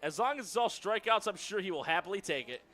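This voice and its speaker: A man calling baseball play-by-play on radio, lively and rising on the big strikeouts. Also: sits high, fast. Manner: lively calls that rise on strikeouts. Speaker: play-by-play announcer.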